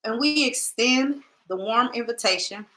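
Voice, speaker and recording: A woman's voice: on the high side, measured pace, bright, forceful tone. A woman hosting a casual podcast livestream, chatty and laughing, talking straight to her viewers. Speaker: podcast host.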